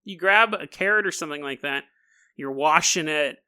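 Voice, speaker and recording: A man's voice: fairly high pitch, normal speed, sharp tone, clean tone. A man hosting a comedic storytelling podcast, joking and laughing often, with frequent asides to the listener. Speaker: podcast host.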